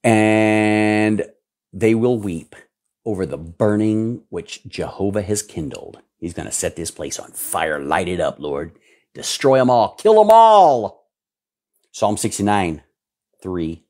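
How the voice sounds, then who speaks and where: A male pastor preaching fervently and answering viewer questions, swinging between low mutters and loud outbursts. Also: slow pace.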